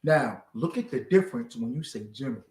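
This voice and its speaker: A man leading a scripture class, animated and bantering with call and response. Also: mid-range voice, brisk. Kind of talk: street-preaching style scripture class. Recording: roomy echo, distant from the mic.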